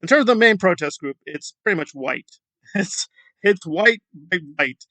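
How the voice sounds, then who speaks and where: A man's voice: high-pitched, lively intonation, a little slow, bright, forceful tone, no room sound. A man hosting a sarcastic online commentary, scoffing and rambling through asides. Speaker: commentary channel host.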